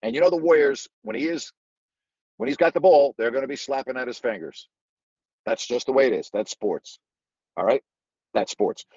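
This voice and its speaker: A man's voice: medium pitch, normal speed, pauses often, a little mellow, slightly rough, dry recording, muffled recording. A man hosting a sports call-in radio show, making his points emphatically and repeating them.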